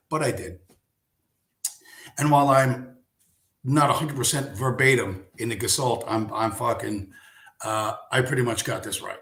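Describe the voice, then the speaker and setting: A man's voice: mid-range voice, moderate pace, a bit bright, roomy sound. A man hosting a live stream, ranting in a casual way, sarcastic and profane, firing off rhetorical questions.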